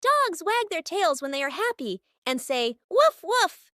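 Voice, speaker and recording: High, bright-voiced woman teaching toddlers. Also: very animated, normal speed, no room sound, clean studio sound. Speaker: children's educational host. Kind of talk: scripted narration for toddlers.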